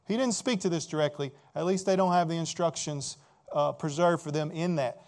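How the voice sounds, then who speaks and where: A man with a slightly high voice preaches verse by verse. He asks rhetorical questions, then leans hard on key words, swinging between quiet asides and loud emphasis. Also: brisk. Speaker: pastor. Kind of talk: expository sermon.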